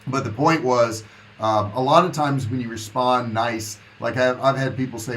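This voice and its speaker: A man's voice: mid-range voice, moderate pace, fairly bright tone, a little hiss or hum, rough recording. A man coaching online sellers in a casual live question-and-answer talk, folksy and repeating points for emphasis.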